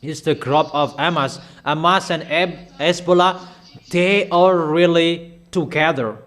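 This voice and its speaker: A man's voice: a little high, unhurried, a bit bright. A man preaching a sermon in a declamatory, repetitive way.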